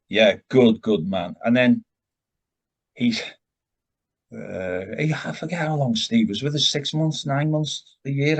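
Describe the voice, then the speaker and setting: An older man, a rock vocalist, telling long rambling anecdotes as an interview guest, with frequent restarts and tangents. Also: on the low side. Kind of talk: casual storytelling interview.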